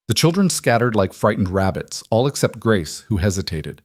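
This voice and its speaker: Low-voiced man narrating a tale. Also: lively intonation, normal speed, hardly any pauses, dry recording, studio quality. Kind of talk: scripted storytelling narration.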